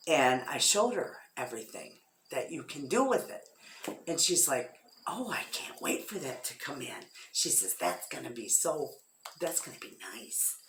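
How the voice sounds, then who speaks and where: Chatty low-voiced Midwestern woman. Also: slight background noise. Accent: Midwestern American. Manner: chatty storyteller, quotes others in lively voices. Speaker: homestead vlogger. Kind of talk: casual chat to camera. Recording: echoey room.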